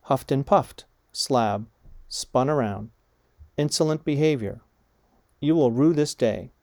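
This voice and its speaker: Slow, measured man reading vocabulary. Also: mid-range voice, a little mellow, no room sound. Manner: measured, deliberate, reads words and punctuation aloud. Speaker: vocabulary reader. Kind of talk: slow dictation of vocabulary words and phrases.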